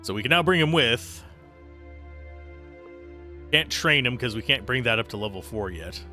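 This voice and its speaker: A man giving casual let's-play commentary as he plays, reading the game's text aloud. His voice is bright and animated, swinging widely in pitch. Faint music plays underneath. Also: normal speed. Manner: reads on-screen game text aloud, swears casually.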